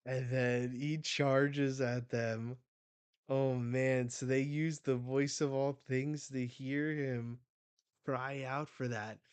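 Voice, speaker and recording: A man hosting a live manga reaction, retelling the chapter excitedly and swearing as he goes. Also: mid-range voice, slow, clean tone, dry recording.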